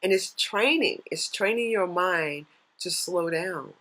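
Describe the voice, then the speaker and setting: Woman, 30s, life coach, live-stream motivational talk, earnest, faith-based, lower-pitched. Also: slow, poor audio. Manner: warm, earnest, faith-based encouragement with excited bursts.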